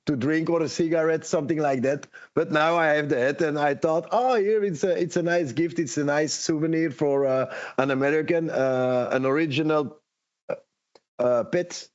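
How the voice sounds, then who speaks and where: Belgian guy, not english, searches for words a lot, slightly higher voice, muffled audio. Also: darkish tone. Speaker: guest. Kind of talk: casual chat.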